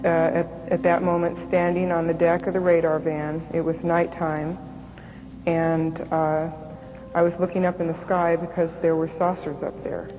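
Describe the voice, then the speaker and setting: Woman, documentary testimony, halting, low voice, monotone, background music. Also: a little hiss or hum, poor audio. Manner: hesitant, halting, with many fillers. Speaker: former radar operator giving testimony. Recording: music underneath.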